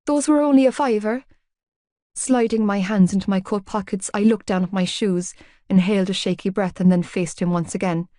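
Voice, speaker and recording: A woman's voice: medium pitch, little pitch movement, brisk, mellow, no echo, clean studio sound. A woman narrating a romance novel in the first person, in an intimate, confiding way. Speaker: audiobook narrator.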